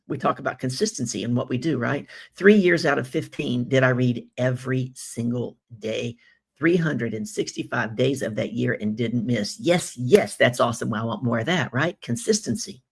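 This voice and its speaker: A woman hosting a live business-coaching show, greeting viewers and reading their comments in an animated, effusive way with rhetorical questions. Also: very deep voice, gravelly, breathy edge.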